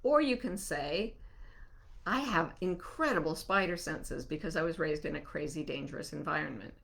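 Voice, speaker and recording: Bright-voiced woman host, gently coaching. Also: low voice, gravelly. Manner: warm, animated, soothing when slowing down. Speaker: host answering listener questions. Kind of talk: live online Q&A talk.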